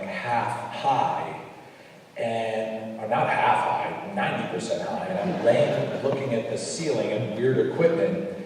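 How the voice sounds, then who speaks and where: A man telling an animated anecdote onstage, acting out the lines of the people in his story. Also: on the low side, a little hiss or hum. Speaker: film director guest. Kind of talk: storytelling in a live onstage conversation. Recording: echoey hall recording from far off.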